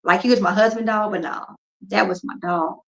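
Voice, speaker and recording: In a relaxed live chat from an echoey room, this woman in her forties, a couponing vlogger, opens up emotionally to viewers about her grief in a subdued voice. Her mid-range voice is fairly even, a bit bright, a little fast, and has some vocal fry.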